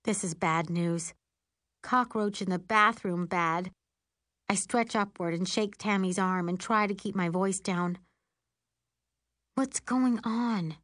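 Female audiobook narrator, lowish voice, unhurried, wry and expressive, dry close studio sound. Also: dry recording. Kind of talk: first-person audiobook narration.

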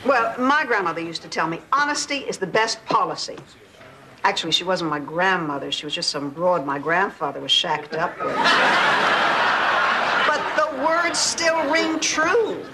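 An actress playing a wisecracking friend with a dry, deadpan delivery, in a sitcom scene. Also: female voice, fairly low pitch, normal speed, heavy background noise. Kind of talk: sitcom acting. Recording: sitcom audio with audience laughter. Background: studio audience laughter.

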